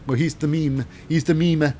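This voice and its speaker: A man's voice: fairly high pitch, steady tone, moderate pace, mellow, slight background noise. A man casually recapping wrestling matches in a rambling, wry way with lots of fillers.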